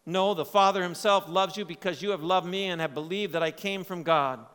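Bright high-voiced male preacher in a hall. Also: fairly quick, clean tone. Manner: swings from loud emphasis to quiet, low asides. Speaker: pastor. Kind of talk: sermon. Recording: long hall reverb.

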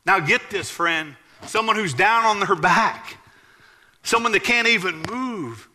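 A man preaching a sermon, telling a story and growing excited at its high points. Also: unhurried. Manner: animated, rising to exclaim at high points.

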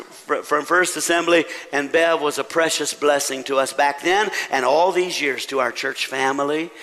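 A middle-aged man leading a church service as pastor, praying and welcoming his congregation, his voice rising and growing louder when he rallies the room. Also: a little high, steady tone, moderate pace, hardly any pauses. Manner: warm pulpit delivery, rising loud when rallying the congregation. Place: church sanctuary. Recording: long church reverb with faint instrumental music.

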